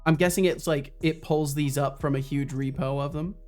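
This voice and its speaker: A man's voice: fairly high pitch, steady tone, moderate pace, a little mellow. A male streamer chatting casually with his viewers while he works on his game. He rambles in loose, half-finished sentences, restarting often and swearing freely. Faint music plays behind him. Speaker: streamer and solo game developer. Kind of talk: casual live-stream chat.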